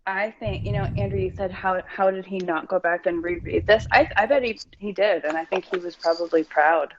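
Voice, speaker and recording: A woman's voice: medium pitch, a little fast. A woman asks thoughtful questions in a casual podcast chat. Her audio is slightly muffled, with a faint hiss behind it. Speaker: podcast co-host. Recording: dull audio with faint noise.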